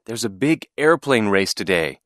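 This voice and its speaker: A man's voice: fairly low pitch, big pitch swings, normal speed, no room sound, clean studio sound. A man voicing a cheerful, encouraging father. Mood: kindly. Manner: warm, encouraging.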